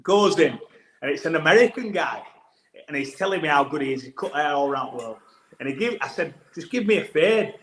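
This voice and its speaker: A man's voice: a little high, lively intonation, a little fast, a bit bright, slight background noise. Man telling a rambling yarn. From England. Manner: rambling anecdotal storytelling with restarts. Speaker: rugby player guest. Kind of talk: casual podcast chat. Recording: echoey room.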